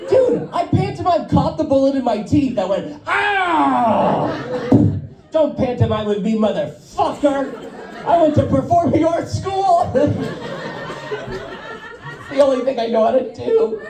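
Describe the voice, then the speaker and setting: A man doing stand-up, swinging his pitch up and down through profane, self-mocking stories. His voice sits a bit back from the mic in a roomy venue. An audience laughs behind him. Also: moderate pace, distant mic. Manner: self-deprecating, profane, animated storytelling. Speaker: stand-up comedian. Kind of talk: stand-up comedy set. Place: live comedy venue. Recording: roomy live sound, voice off-mic, crowd laughing.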